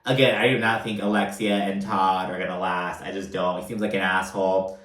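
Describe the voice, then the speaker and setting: Recorded with roomy echo, this man's deep, slightly bright voice stays level and moves fairly quickly. He chats profanely through a reality TV episode recap, his talk stuffed with fillers like "like" and "you know."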